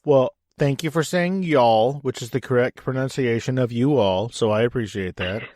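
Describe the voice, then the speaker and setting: A man's voice: mid-range voice, moderate pace, darkish tone, dry recording, clean studio sound. A man from Texas hosting a podcast interview, joking and swearing casually as he talks. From San Antonio, Texas. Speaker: podcast host. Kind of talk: casual interview with sponsor read.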